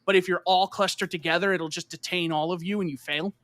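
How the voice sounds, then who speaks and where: A man with a high, bright, fairly sharp voice chats casually on a gaming podcast. He rambles with plenty of filler words and curses, and turns heated and emphatic when something bothers him. The sound is close and dry. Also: steady tone, quick pace, dry recording. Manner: rambling, full of "like" and swearing. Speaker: podcast co-host.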